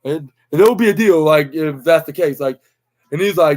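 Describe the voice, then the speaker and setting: Speaking at a moderate pace in a fairly high, darkish voice, this young man hosts a podcast and loosely recaps a wrestling show. He fills it with fillers and false starts while performing the quotes he repeats.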